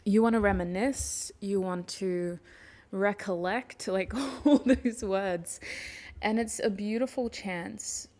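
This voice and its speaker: Female tarot reader, gentle and emotional, teary and sniffling; mid-range voice. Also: medium pitch. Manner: gentle, affectionate, emotional, softly spoken to viewers. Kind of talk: pick-a-card tarot reading.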